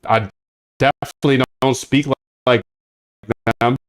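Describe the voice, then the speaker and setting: A man's voice: medium pitch, fairly even intonation, measured pace, no echo. A man streaming while he codes, talking to himself and his chat in a slangy, casual way and calling everyone dude. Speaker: streamer coding a trading bot. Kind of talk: casual live-stream self-talk.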